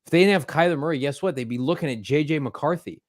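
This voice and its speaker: A man's voice: a little high, fast talker, dry recording. A man hosting a sports podcast, giving opinions in a punchy, emphatic casual chat from a studio. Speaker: podcast host.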